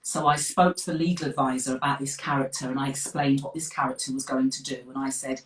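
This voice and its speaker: A middle-aged woman with a Birmingham accent, chatting as a guest author on a live video call, direct and quick to laugh. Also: rumbling low, level tone. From West Midlands of England. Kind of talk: casual live interview. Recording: echoey room, distant from the mic.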